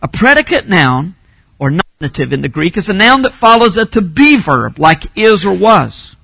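A man preaching a sermon as a pastor, teaching Bible points and rising to emphatic shouts on key phrases. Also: high-pitched, sing-song, normal speed, gravelly, husky, no echo.

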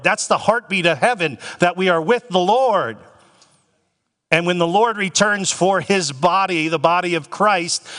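A male pastor delivers a sermon with emphasis, slowing down to lean on each phrase of scripture. His voice sits a bit high for a man and comes across bright and forceful. A long hall reverb trails behind every line.

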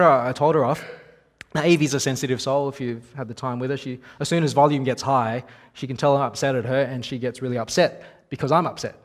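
A man in his thirties preaching a sermon in a conversational, wry storytelling manner. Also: medium pitch.

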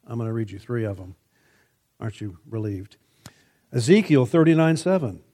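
A man preaching a sermon, measured and emphatic, lifting his voice when he quotes scripture. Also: medium pitch, animated, warm tone.

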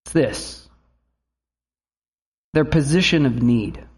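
A man's voice: medium pitch, lively intonation, takes it slowly. A man in his thirties, a pastor giving a conversational sermon who acts out quotes and family stories.

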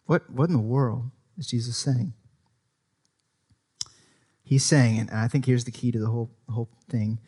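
A man's voice: medium pitch, steady tone, moderate pace, pauses often, dark tone, breathy edge. A man preaching a sermon in a conversational way, often checking in with his listeners and acting out quoted speech with a livelier voice. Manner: conversational, often adds "right?" to invite agreement. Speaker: pastor.

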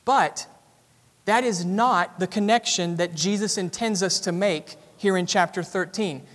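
A Southern man preaching a sermon in a high, ringing voice. He teaches earnestly and builds to more intensity as he goes. His voice carries with a long reverb through a church sanctuary. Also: measured pace, a bit bright. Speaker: pastor.

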